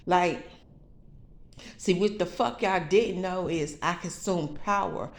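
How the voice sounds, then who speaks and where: A woman's voice: lowish voice, takes it slowly, long pauses. Woman, vlogger, emphatic and profane, casual storytelling, echoey room. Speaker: vlogger telling a spiritual vision.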